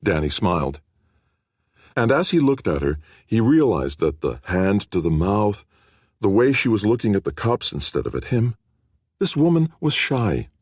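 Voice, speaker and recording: A man narrating an audiobook with expressive storytelling. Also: fairly low pitch, normal speed, slightly rough, dry recording, studio quality. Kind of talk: scripted narration.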